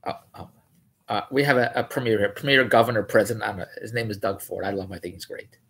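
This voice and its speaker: A man's voice: fairly low pitch, steady tone, fast, creaky, fairly bright tone, slightly rough. A man riffing in a rambling, mocking way on a news article, often correcting himself. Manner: rambling, digressive, self-correcting; incredulous, mocking. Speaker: vlogger.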